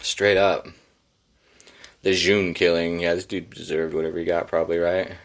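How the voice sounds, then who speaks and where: A man's voice: low-pitched, little pitch movement, normal speed. A man hosting a solo podcast, reading headlines and riffing on them in a sarcastic, profane, rambling way. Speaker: podcast host.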